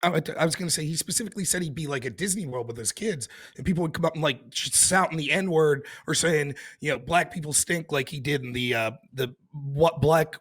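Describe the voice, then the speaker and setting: A man's voice: on the high side, fairly quick, few pauses, fairly bright tone, breathy edge. A man arguing his point loosely in a casual online debate, with some swearing. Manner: loose, profane, argumentative. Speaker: debate participant.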